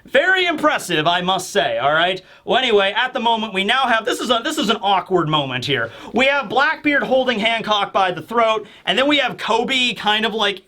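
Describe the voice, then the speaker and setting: A man giving a casual comic review on video, excitable and animated, bursting into shouts. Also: high-pitched. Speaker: manga reviewer.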